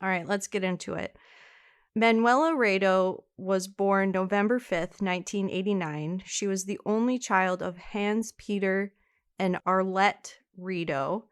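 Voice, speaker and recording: A woman's voice: mid-range voice, clear, resonant tone. A woman, co-hosting a podcast and telling a true-crime case in a chatty way. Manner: chatty, laughs easily, reads case details. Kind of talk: casual true-crime storytelling.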